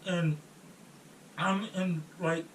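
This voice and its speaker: Slow, halting man in an echoey room. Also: high-pitched, steady tone. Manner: halting, with restarts and trailing pauses. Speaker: storyteller. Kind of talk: first-person storytelling monologue. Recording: roomy echo, distant mic, faint room noise.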